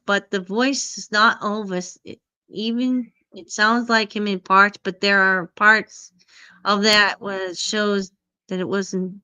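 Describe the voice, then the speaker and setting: Bright, smooth-voiced woman stream host. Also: medium pitch. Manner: chatty, greets and answers viewers' comments. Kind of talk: casual live stream chat.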